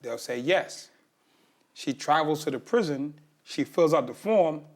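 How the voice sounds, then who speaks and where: A man's voice: a little high, a little slow. A man hosting a podcast interview, who asks questions and explains advice with examples from his own life. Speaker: podcast host. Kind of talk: interview conversation.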